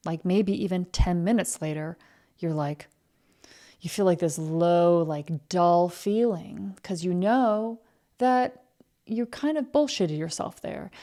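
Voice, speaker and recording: A woman's voice: fairly low pitch, gravelly, mellow. A woman hosting a podcast, giving a blunt, emphatic motivational talk about excuses and being busy. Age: adult, married. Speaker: podcast host.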